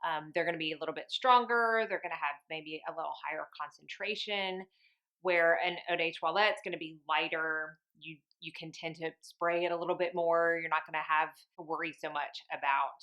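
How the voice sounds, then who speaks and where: A woman talks in a relaxed, gossipy way. Her voice sits a little low, yet it has a bright, forward ring. She pokes fun at herself as she goes. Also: normal speed, lo-fi sound. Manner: chatty, folksy, self-deprecating. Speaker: beauty vlogger reviewing fragrances. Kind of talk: casual chat.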